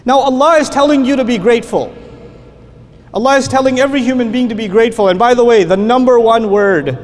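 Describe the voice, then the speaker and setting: A middle-aged man giving an animated religious talk, acting out classroom stories and dropping to hushed tones. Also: extremely high pitch, fast talker, faint music behind. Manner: animated storyteller, acts out scenes, drops to quiet hushed tones. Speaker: Islamic teacher and speaker. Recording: long reverb of a hall, faint noise.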